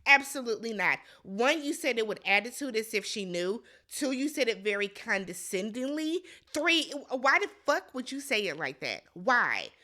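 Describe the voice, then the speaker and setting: A woman's voice: high-pitched, bright, forceful tone. A woman giving a blunt, exasperated casual recap commentary, talking straight to the viewer. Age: adult. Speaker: recap vlogger.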